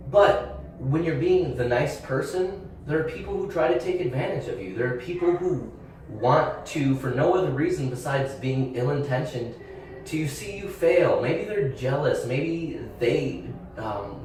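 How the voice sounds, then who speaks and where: A young man talks candidly and in a rambling way, with fillers and restarts, as he hosts his own channel. His voice sits at an ordinary pitch and is picked up from a little way off the mic. The room is very echoey, with faint background hiss. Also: darkish tone, far from the mic. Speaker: channel host. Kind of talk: personal storytelling monologue.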